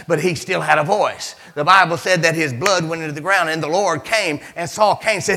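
A middle-aged man preaching a sermon, telling the story dramatically and acting out the voices, swinging from hushed near-whispers to shouts. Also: on the high side, normal speed.

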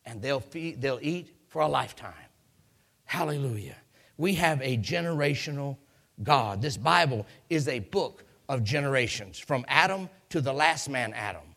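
A man's voice: medium pitch, expressive, moderate pace, vocal fry, fairly bright tone. A man preaching a sermon, telling a story with emphatic delivery and repeated hallelujahs.

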